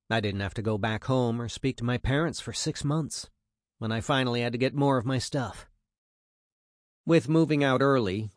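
A man reading a first-person memoir as an audiobook narrator, in a measured storytelling manner. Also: medium pitch, no room sound, clean studio sound.

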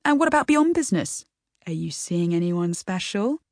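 Casting: woman reading a sweet, nosy married man in an audiobook, lightly sketched, low voice. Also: sing-song, moderate pace, darkish tone, no echo, studio quality. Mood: chatty. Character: friendly, sentimental married man.

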